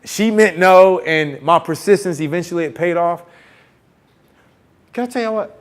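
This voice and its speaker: On stage in a campus event hall, a motivational speaker with a high male voice tells students a story at a moderate pace. He acts out the voices of the people in it and calls out to the crowd to get them answering back.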